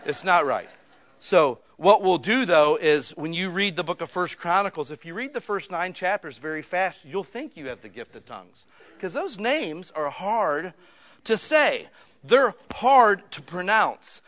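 A middle-aged man delivers a sermon with a relaxed, joking manner, dropping playful asides between passages he reads aloud. His voice sits slightly higher than most men's. The preaching feels conversational rather than formal. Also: measured pace. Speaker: pastor.

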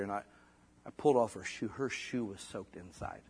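A man's voice: on the low side, fairly quick, fairly bright tone, husky. A middle-aged man preaching a sermon in a casual, folksy way, full of asides and restarts. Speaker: pastor.

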